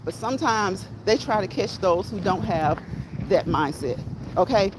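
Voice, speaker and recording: A woman's voice: medium pitch, lively intonation, unhurried. A woman chatting casually with viewers on a live-streamed walk outdoors. She talks in a folksy way into her phone mic. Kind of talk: casual chat while walking outdoors, reading chat aloud. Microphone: phone microphone. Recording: phone mic with loud wind noise. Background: strong wind blowing into the mic.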